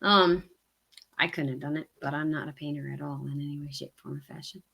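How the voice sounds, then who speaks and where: A woman's voice: low voice, steady tone, brisk, gravelly, pushed and bright. A woman with a Southern US accent co-hosting a hiking livestream, chatting casually and rambling with many ums. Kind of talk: casual live-stream chat.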